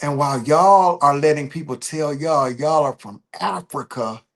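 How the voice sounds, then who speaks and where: A man hosting a casual livestream, talking loosely and repeating himself, pressing hard on points and then trailing off quietly. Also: on the high side, moderate pace. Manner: loose and repetitive, restarting phrases, emphatic then trailing off quietly. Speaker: livestream host.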